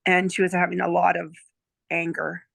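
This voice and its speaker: A woman's voice: lowish voice, little pitch movement, moderate pace, creaky, a bit bright, no echo. A woman in her sixties, a former nurse, telling a chatty story as a client testimonial, often checking in with "okay?" and "right?". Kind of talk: casual storytelling chat.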